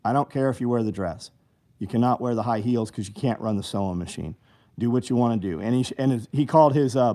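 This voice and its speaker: Middle-aged man, livestream host, blunt and profane, rambling chat, mid-pitched voice. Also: a little mellow. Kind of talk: casual livestream chat reading viewer comments.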